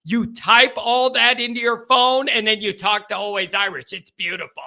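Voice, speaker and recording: A man's voice: high voice, little pitch movement, normal speed, gravelly, pushed and bright. A man hosting a sports call-in show with a brash, hyped-up delivery, firing off plugs and phone numbers.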